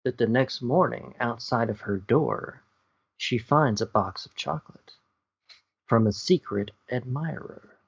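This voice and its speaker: A man's voice: medium pitch, measured pace, gravelly, slightly rough, muffled recording. A man playing a comedy guessing game, improvising a silly plot with playful restarts. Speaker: game contestant.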